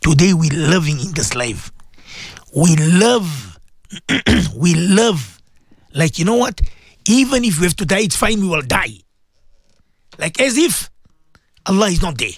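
A man hosting an Islamic radio show as a maulana, preaching with passion and repeating himself for emphasis. He has a sore throat and keeps clearing it. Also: sits high, sing-song, a little slow, long pauses, no echo, clean studio sound. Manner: impassioned, repetitive, rising to emphatic peaks.

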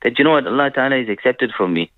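A man giving a gentle religious talk on a radio program, telling stories and peppering his speech with "you know". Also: medium pitch, lively intonation, racing, dry recording. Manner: gentle preaching with frequent "you know" fillers. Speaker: Islamic scholar on a radio program. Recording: dry phone-line radio sound.

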